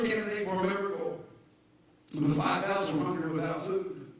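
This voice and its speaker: High-voiced pastor in an echoey church. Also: male voice, a little fast. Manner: animated, shouting and joking with the congregation. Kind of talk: sermon. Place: church sanctuary. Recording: echoey church hall heard from far off.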